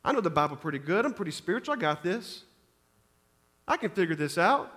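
A man with a notably high voice preaches a sermon, stumbling into restarts and doubling his words as he drives each point home. His voice rings out with long reverb, as in a large church hall. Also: very animated, fairly quick, a bit bright. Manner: preaching with frequent restarts and repetitions. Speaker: pastor.

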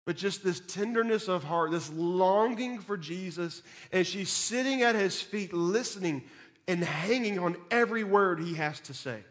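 High bright-voiced man preaching. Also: a little slow. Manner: emphatic, swings between loud and soft, repeats words when stumbling. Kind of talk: sermon.

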